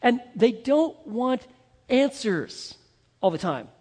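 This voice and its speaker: A man's voice: very high-pitched, sing-song, slow, darkish tone, slightly rough. A male pastor preaching a sermon, speaking emphatically and addressing the men in his congregation directly with rhetorical questions. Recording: long hall reverb.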